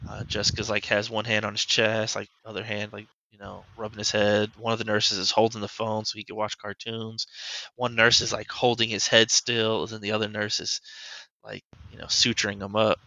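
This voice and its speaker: A man's voice: fairly low pitch, monotone, a little fast, bright, forceful tone, no echo, rough recording. A man hosting a podcast, telling a personal story as a father in a loose, rambling way that is full of "like". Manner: loose and rambling, heavy use of "like". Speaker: podcast host. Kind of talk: casual storytelling chat.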